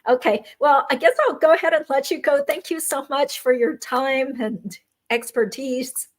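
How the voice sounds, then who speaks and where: A woman's voice: high voice, steady tone, moderate pace. A woman, a lawyer hosting a YouTube show, talking in a friendly, conversational way on a video call. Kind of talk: casual interview chat.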